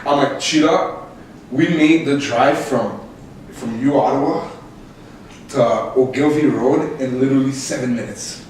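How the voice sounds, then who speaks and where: A young man, a podcast host, telling a story casually and with much laughter, his voice leaping high when excited. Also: measured pace. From Canada. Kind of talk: casual storytelling among co-hosts. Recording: echoey room, distant mic, faint noise.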